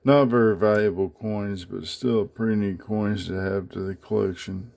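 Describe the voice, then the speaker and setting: A man casually talking through his coin collection in a home vlog, halting with many fillers as he handles each piece. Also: on the low side, fairly even intonation, vocal fry, darkish tone. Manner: unhurried, many fillers, speaks haltingly while handling items. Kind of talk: casual show-and-tell vlog.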